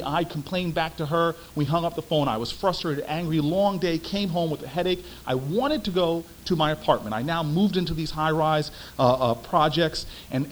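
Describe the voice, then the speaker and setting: A young man, a former city councilman, giving a storytelling speech with emphatic, animated delivery. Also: on the high side, a little hiss or hum, rough recording.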